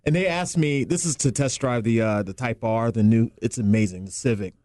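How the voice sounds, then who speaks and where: A man chatting casually as a guest, laid-back and hesitant with many pauses. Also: medium pitch, a little mellow, no echo, studio quality. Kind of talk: casual chat.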